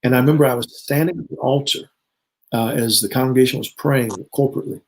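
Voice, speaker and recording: A guest bishop in his fifties shares his personal testimony conversationally, speaking quickly in a mid-range voice. He tells his story earnestly and acts out the dialogue he remembers. The recording is rough.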